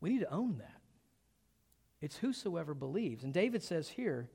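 A man's voice: high voice, sing-song, normal speed, a little mellow, big-room sound. A man preaching a sermon, asking rhetorical questions and building emphasis as he goes. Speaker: pastor.

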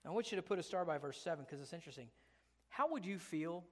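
Emphatic high-voiced man preaching in a hall. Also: lively intonation, fast. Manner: emphatic, conversational preaching with rhetorical questions. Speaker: pastor. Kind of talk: sermon. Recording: long hall reverb.

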